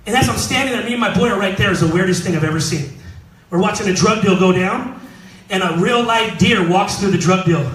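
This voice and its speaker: High-pitched thirtysomething pastor from california joking with his church, sounds a bit far off in a big echoey room. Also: fairly quick, a bit bright. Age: 30s. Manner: casual storytelling, jokes with the congregation. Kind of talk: sermon. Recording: roomy hall mic from a distance.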